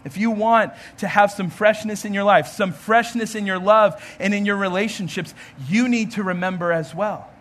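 A man's voice: high-pitched, moderate pace, hardly any pauses, a bit bright. A man, a pastor, giving an earnest storytelling sermon and acting out the voices in the story.

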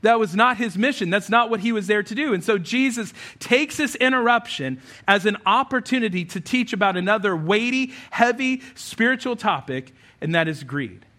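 A man's voice: sits high, animated, normal speed, few pauses, pushed and bright. A man preaching a conversational sermon as pastor, animating the story with acted quotes.

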